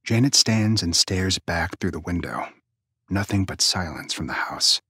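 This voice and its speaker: A male narrator reads a suspense story in a hushed, breathy voice that sinks near a whisper. His low tone has a bright, forward edge. The sound is close and dry. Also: expressive, measured pace, dry recording.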